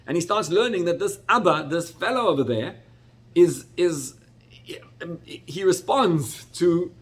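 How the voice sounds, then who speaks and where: A middle-aged man, a rabbi, teaching a Torah class with animated, expressive storytelling and sudden jumps in pitch. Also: measured pace.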